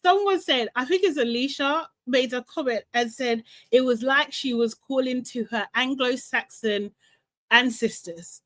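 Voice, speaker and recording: A woman's voice: sits high, measured pace, fairly bright tone, dry recording. A young woman hosting a live recap, chatting casually and with strong opinions, laughing and mimicking people as she goes. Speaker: host recapping a reality show.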